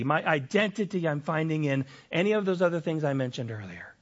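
A man's voice: on the high side, sing-song, a little fast, few pauses, lo-fi sound. A middle-aged man preaching a sermon, telling personal stories candidly with frequent restarts and repeated phrases. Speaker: pastor.

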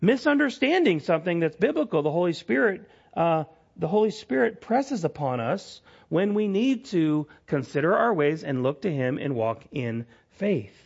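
A man preaching a sermon with a voice that sits a little high. He is earnest, lifting his voice to stress his main points. The recording sounds dull and lo-fi. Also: very animated, moderate pace, creaky, hardly any pauses, husky. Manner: earnest, rising to emphatic peaks, drops soft for quoted apologies. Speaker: pastor.

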